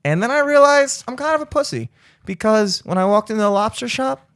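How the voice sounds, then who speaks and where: A man's voice: very high-pitched, lively intonation, brisk, fairly bright tone, smooth. A young adult man co-hosting a podcast, telling a rambling travel story in casual chat, swearing freely and laughing often. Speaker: podcast co-host.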